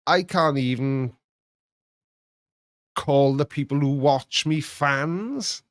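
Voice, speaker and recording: A man hosting a casual chat, reading viewer comments in a rambling, mocking, animated way. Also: fairly high pitch, slow, dry recording, clean studio sound. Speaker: host reacting to viewer comments.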